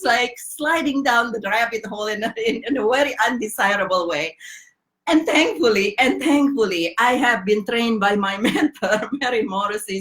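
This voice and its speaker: A middle-aged woman vlogging, telling a personal story in a casual way, laughing often and acting out both sides of a conversation. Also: a little high. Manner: animated, laughs often, acts out dialogue. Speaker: life coach vlogger.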